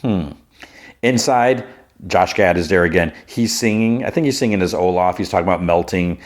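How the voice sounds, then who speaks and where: Low-voiced man recapping a show. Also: moderate pace. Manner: animated retelling, acting out characters' lines in a raised voice. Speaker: podcast host. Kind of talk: casual movie and TV recap.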